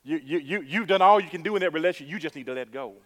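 A male pastor preaching a sermon, emphatic and repetitive, building to loud exclamations. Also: a little high, rapid-fire.

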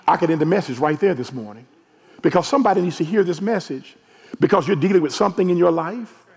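A man, a hoarse pastor preaching a sermon and calling out to his congregation, rising to shouts. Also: fairly high pitch, expressive, quick pace. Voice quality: gravelly, husky. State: hoarse from allergies. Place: large church sanctuary. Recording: long echo of a large church hall.

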